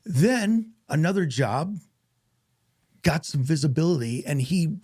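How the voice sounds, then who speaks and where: A man, an actor guest on a podcast, telling stories in a casual, animated way and acting out what others said. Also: a little high, measured pace, slightly rough, no echo, clean studio sound. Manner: animated, acts out quoted voices. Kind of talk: casual storytelling interview.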